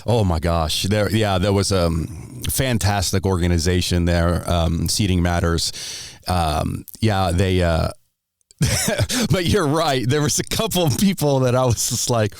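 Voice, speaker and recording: A man's voice: sits low, a little slow, dry recording, clean studio sound. An American man hosting a podcast in casual chat, laughing often and restarting his sentences. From United States. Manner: chatty, laughs often, many fillers and restarts. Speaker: podcast host.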